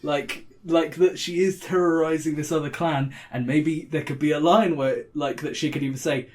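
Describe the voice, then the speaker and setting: A man's voice: a little high, steady tone, normal speed, few pauses, darkish tone. A man co-hosting a casual tabletop game discussion, easygoing and joking. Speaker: podcast co-host.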